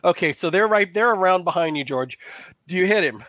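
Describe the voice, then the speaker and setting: Bright-voiced man running a tabletop game. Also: high-pitched, expressive, fairly quick, a little hiss or hum. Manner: casual, filler-heavy narration. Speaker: game master.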